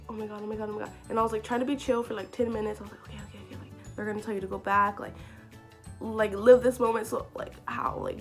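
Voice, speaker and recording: A young woman telling a story to camera in a casual vlog, chatty and excitable, full of "like" fillers. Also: mid-range voice, creaky. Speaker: vlogger.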